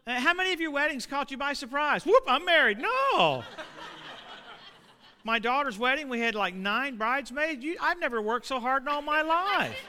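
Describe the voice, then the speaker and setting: A middle-aged man preaching a sermon, animated and building to shouts. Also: very high-pitched, a little fast, hardly any pauses, slight background noise. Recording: long reverb of a hall.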